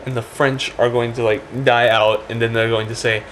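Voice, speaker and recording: A man's voice: medium pitch, flat delivery, a bit bright, slight background noise. A man rambling through a comic monologue, packing his talk with "like" and "check this out". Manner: rapid, full of "like" and "check this out".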